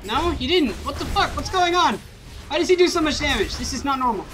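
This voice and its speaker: A woman's voice: high voice, animated, brisk, a crowd in the background. A young woman playing support in a team video game, teasing her teammates and swearing freely. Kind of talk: casual gameplay chatter.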